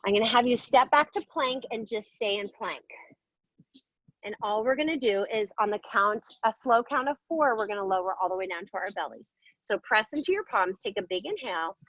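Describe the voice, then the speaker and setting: A woman's voice: medium pitch, animated, brisk, fairly bright tone, dry recording, muffled recording. A woman teaching a yoga class, giving upbeat, playful cues while moving and a little out of breath. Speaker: yoga instructor. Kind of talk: guided yoga class instruction.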